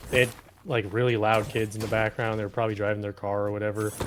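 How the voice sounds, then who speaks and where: A man's voice: lowish voice, level tone, fast, a little hiss or hum. Casual man telling rambling work stories. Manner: rambling anecdotes, swearing, laughing often. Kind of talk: casual chat over gameplay.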